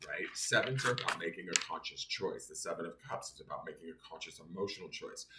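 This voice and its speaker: A man giving a casual daily tarot reading, angry and venting as he explains the cards. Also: low voice. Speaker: tarot reader. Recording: echoey room, faint noise.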